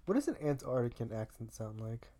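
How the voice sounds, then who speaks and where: A young woman with a Long Island accent co-hosts a laid-back podcast. Her voice is very deep for a woman. She talks in an offhand, sarcastic way, swears casually and lets thoughts trail off. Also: big pitch swings, fairly quick, mellow. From Long Island, New York. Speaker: podcast co-host. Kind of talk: casual chat.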